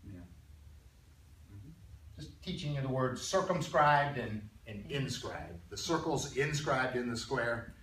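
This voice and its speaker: Throat-clearing man teaching class. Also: medium pitch, animated, measured pace, pauses often, fairly bright tone, slight background noise. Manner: conversational, keeps checking in with students. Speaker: math teacher. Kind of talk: classroom lecture. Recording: roomy classroom sound from a distance.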